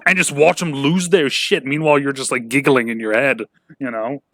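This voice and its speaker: A man's voice: mid-range voice, fairly even intonation, a little fast, pushed and bright, slight background noise. A young man from England telling stories in a casual podcast chat, full of fillers and swearing. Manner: chatty storyteller, lots of filler and swearing.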